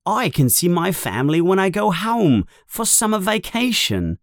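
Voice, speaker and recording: A man reading a storybook aloud, voicing an excitable young schoolboy who gets a bit whiny. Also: sits high, moderate pace, no room sound, clean studio sound, pitched above the performer's own voice. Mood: excited. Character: boastful young schoolboy, Harry's friend.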